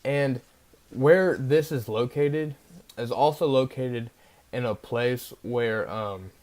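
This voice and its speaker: A man's voice: medium pitch, slow, a little mellow. A young man casually telling a rambling story on his vlog, full of fillers and tag questions. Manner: rambling, filler-heavy, keeps asking "right?". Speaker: vlogger.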